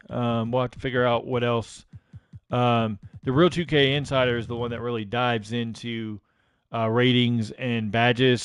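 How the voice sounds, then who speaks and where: A man's voice: mid-range voice, smooth, no room sound, clean studio sound. A man hosting a live stream, casually reading out game ratings with lots of ums and uhs. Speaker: gaming channel host.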